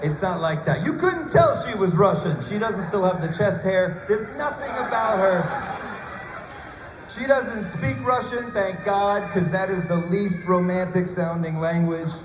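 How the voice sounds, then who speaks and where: A man's voice: high-pitched, measured pace, a crowd in the background. An American man doing a stand-up comedy routine, rambling and mock-earnest, tripping over restarts. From United States. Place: comedy club stage. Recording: echoey room with background noise.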